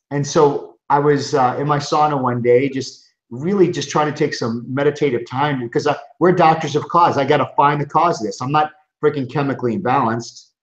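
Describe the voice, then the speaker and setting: A middle-aged man, a chiropractor, giving an earnest, emphatic motivational webinar talk from his office, often restarting his sentences. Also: mid-range voice. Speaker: chiropractor and coaching group founder. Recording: roomy, dull lo-fi sound.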